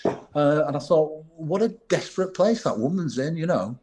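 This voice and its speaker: A man in his fifties, a former bodyguard, recalling the past as a podcast guest in a quiet, earnest way, thinking aloud. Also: fairly high pitch, expressive, normal speed. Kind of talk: reflective interview storytelling.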